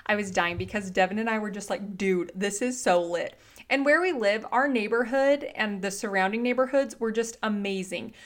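A woman in her thirties hosting a podcast, telling a story in a chatty, animated way, full of slang and fillers. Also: mid-range voice. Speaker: podcast host. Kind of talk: casual storytelling monologue.

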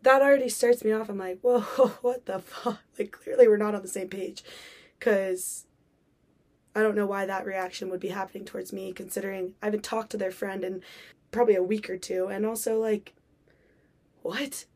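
A woman's voice: mid-range voice, steady tone, brisk, darkish tone. A young woman hosting a podcast, telling a personal story in a chatty way with many fillers and acted-out quotes. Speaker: podcast host.

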